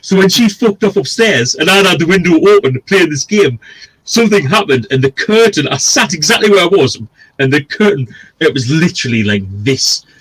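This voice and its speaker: A man's voice: a little high, lively intonation, moderate pace, fairly bright tone, breathy edge, rough recording. A man, co-hosting a gaming stream and telling a long, sweary, rambling story in a casual way. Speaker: stream co-host.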